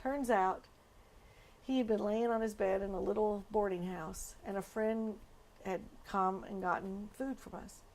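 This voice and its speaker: Woman, pastor, mid-range pitch, documentary interview, earnest, emotional. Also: fairly even intonation, unhurried, darkish tone.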